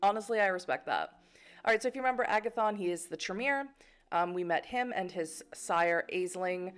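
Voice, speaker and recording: A woman's voice: lowish voice, animated, a little fast, smooth. A young woman streaming a narrative game, chatting playfully with many fillers and laughs while reading the game text aloud.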